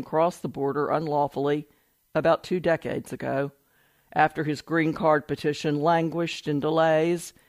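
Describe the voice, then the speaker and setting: A man reads a news report aloud in a steady, measured voice that sits a little high for a man. The sound is close and dry, with no room around it. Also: no echo. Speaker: news article reader.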